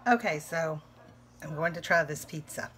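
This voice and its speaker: Casual home cook vlogger, young woman, slightly low voice, rambling and chatty. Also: moderate pace, a bit bright, faint music behind. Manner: chatty, rambling, laughs often. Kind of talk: casual cooking vlog. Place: home kitchen.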